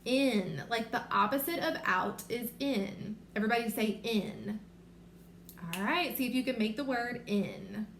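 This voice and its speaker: A woman teaching a remote reading lesson to young children, sounding out letters and words slowly and clearly. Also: a little high, fairly bright tone. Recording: echoey room with faint noise.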